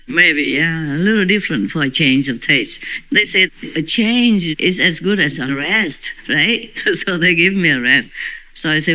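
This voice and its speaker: A woman's voice: low-pitched, measured pace, sharp tone, low-quality recording. A woman spiritual teacher talking informally to her disciples, chatty and often breaking into laughter.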